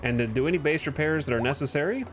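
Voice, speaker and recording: Guy streaming a game, chill and chatty, talking through his moves, soft music behind. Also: a little high, racing. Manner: thinks aloud while playing, chatty and easygoing. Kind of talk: casual gameplay commentary.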